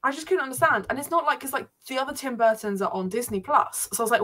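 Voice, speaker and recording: A woman's voice: high-pitched, lively intonation, fast talker, hardly any pauses, pushed and bright. Chatty woman, laughs a lot. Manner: chatty, laughs often, acts out quotes. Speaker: co-host. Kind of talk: casual chat.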